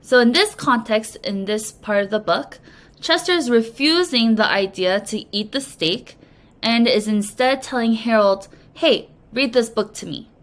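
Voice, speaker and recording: At a language academy, a woman English teacher with a fairly high voice gives a recorded reading lesson, explaining slowly and patiently to young students.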